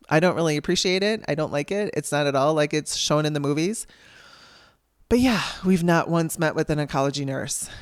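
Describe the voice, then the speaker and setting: A woman's voice: sits low, no room sound, clean studio sound. A middle-aged woman hosting a podcast, frankly telling a hard personal story with wry laughs and the odd swear word. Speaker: podcast host.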